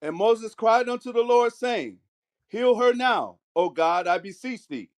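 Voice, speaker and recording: A man reading scripture aloud in a measured way, slowing on key phrases. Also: high-pitched, expressive. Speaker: scripture reader.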